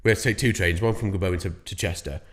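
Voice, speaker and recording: A man's voice: sits low, quick pace, a bit bright. A young man, co-hosting a podcast and telling a long story in a casual, rambling way with plenty of swearing. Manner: rambling, swears freely, acts out voices in his stories. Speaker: podcast co-host.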